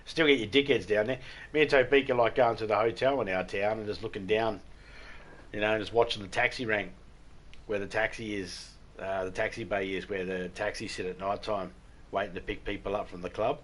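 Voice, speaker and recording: A man's voice: lowish voice, steady tone, brisk. A man with an Australian accent chatting on a live game stream, telling rambling, swearing stories and laughing at his own jokes. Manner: rambling, profane, laughs often, acts out drunks loudly. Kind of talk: casual storytelling chat.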